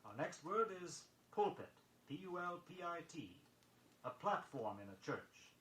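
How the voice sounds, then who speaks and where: A man reading a scripted pronunciation lesson, measured and precise, spelling words letter by letter on an old record. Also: fairly high pitch, sing-song, fairly bright tone. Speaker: vocabulary record instructor. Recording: echoey vintage vinyl recording with faint noise.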